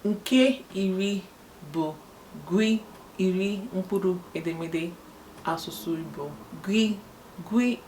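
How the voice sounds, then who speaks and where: A woman giving a spoken language lesson, spelling out letters slowly and explaining example sentences. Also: fairly low pitch, slight background noise. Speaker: language teacher.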